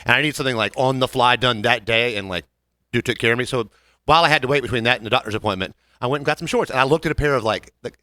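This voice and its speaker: A man's voice: medium pitch, racing, bright, forceful tone, dry recording. A man co-hosting a podcast, telling crude jokes and stories in casual banter. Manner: crude, joking storyteller. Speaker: podcast co-host.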